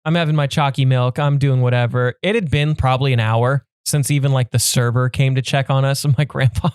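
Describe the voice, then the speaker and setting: A man's voice: mid-range voice, fairly even intonation, brisk, darkish tone, clean tone, no room sound, clean studio sound. A man co-hosting a podcast, telling a story in a laid-back way and laughing as he talks. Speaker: podcast co-host. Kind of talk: casual chat.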